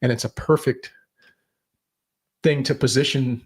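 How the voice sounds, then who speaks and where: A man's voice: medium pitch, fairly even intonation, a little slow, slightly rough. A man co-hosting a podcast, giving blunt political opinions, swearing and rambling with restarts. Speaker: podcast co-host.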